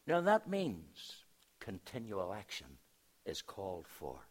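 A man preaching a sermon as a pastor, telling a story in a storytelling way, hushing his voice and then rising for emphasis. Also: lowish voice, huge pitch swings, slow pace, husky.

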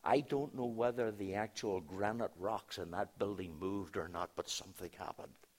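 A man preaching a sermon as a pastor, telling a story in a storytelling way, hushing his voice and then rising for emphasis. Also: fairly low pitch, steady tone, moderate pace.

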